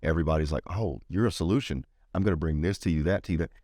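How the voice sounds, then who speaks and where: Deep-voiced animated male storyteller. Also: very fast, no room sound, studio quality. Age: middle-aged. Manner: animated storyteller, acts out quoted voices higher. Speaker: veteran advocate guest. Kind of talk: storytelling interview talk.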